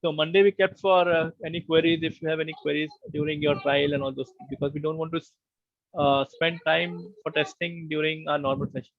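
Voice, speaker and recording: Gravelly male instructor. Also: on the high side, flat delivery, brisk, dry recording. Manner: patient, explanatory, conversational. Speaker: online course instructor. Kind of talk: live online lecture. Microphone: online meeting call. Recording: muffled online call audio.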